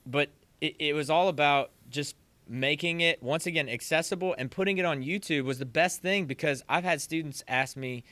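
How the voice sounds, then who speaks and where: A young man, a percussion teacher, chatting as a podcast guest and lively acting out what others said. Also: fairly high pitch, normal speed, no room sound. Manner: animated storyteller who acts out quotes. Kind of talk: casual podcast chat.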